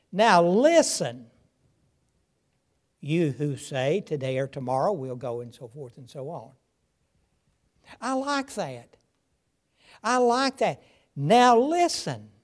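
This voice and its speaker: An older man delivers a sermon at a slow, measured pace. He leans hard on key phrases and repeats them for emphasis. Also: high-pitched, a little mellow. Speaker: preacher.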